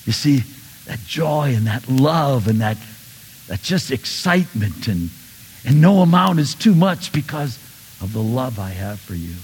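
A male pastor preaching a sermon, animated, swinging between loud bursts and soft asides. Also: mid-range voice, a little slow, husky, big-room sound.

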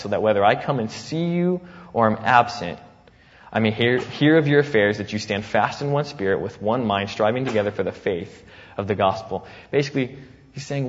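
Male pastor, mid pitch, lively conversational sermon, long hall echo, muffled lo-fi sound. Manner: animated, acts out the apostle's words with sudden loud jumps; laughs easily, conversational preaching.

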